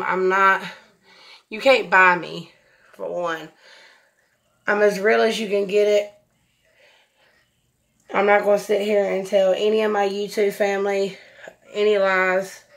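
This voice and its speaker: A woman's voice: mid-range voice, level tone, measured pace, long pauses, a bit bright. A woman, chatting effusively through a makeup tutorial, recorded at home on a camera mic. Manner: chatty, effusive, says y'all a lot. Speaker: beauty vlogger. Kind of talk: casual makeup tutorial chat.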